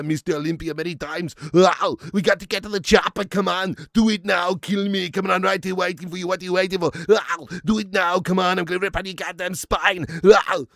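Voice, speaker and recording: A man's voice: high voice, vocal fry, dry recording, clean studio sound. A man putting on the voice of a macho Austrian bodybuilder action hero who barks taunts. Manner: barked, growled taunts.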